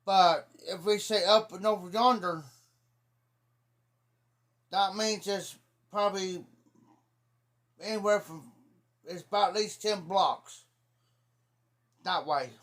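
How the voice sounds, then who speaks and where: A man from talks in a high voice. He rambles through folksy stories about local sayings. He teases his listener as he goes. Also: slow pace, long pauses, a bit bright. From Ohio. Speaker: livestreamer. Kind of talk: casual storytelling.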